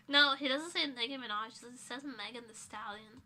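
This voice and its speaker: A woman's voice: on the high side, unhurried, pauses often, pushed and bright. A young woman streamer in casual chat with a sore throat, playful and giggly, cracking crude jokes.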